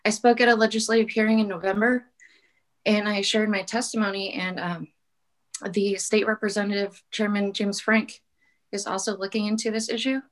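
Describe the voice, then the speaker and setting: A woman speaks earnestly over a call-in line, pleading her case in public testimony. Her voice sits at a middle pitch, broken by ums. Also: little pitch movement, normal speed, rough recording. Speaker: public commenter. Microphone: call-in audio.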